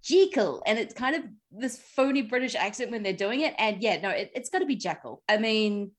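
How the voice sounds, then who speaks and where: A woman's voice: a little high, a little fast, fairly bright tone. A woman guesting on a podcast in a casual chat, rambling with many ums and frequent laughs.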